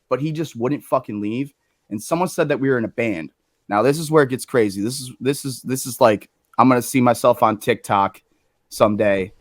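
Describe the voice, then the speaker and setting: A man on a casual podcast telling a story, animated and swearing, acting out what others said. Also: medium pitch, no echo, clean studio sound. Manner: animated, swearing, acts out quoted lines. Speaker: guest storyteller.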